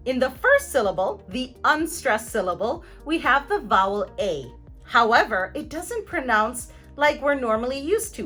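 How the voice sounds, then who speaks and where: Casting: woman pronunciation teacher, bright and lively, crisply articulated examples, playful, soft music behind. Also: on the high side. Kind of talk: scripted teaching explanation.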